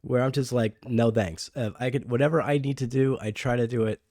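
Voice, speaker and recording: A man co-hosting a casual podcast, relaxed and a bit hesitant, with a joking streak. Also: mid-range voice, quick pace, dry recording, clean studio sound. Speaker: podcast co-host.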